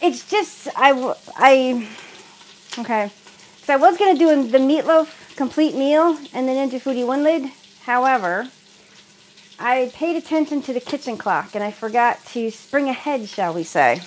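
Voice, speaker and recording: A woman's voice: sits high, expressive, normal speed, a little mellow, a little hiss or hum, low-quality recording. Woman, middle-aged, from the United States, casual cooking chat, home kitchen, faint sizzle behind. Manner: chatty, laughs often, reads and answers live comments. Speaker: cooking livestream host.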